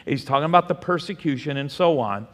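A man's voice: on the high side, expressive, fast talker. A man preaching a Bible study sermon, asking the room questions and answering them himself. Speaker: pastor teaching a Bible study. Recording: long hall reverb.

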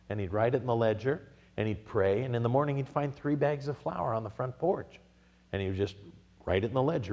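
A man's voice: medium pitch, fast, warm tone, long reverb tail. A middle-aged American man preaching a sermon, telling stories and acting out quotes, rising to emphatic peaks. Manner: storytelling with acted-out quotes, building to emphatic peaks. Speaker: pastor.

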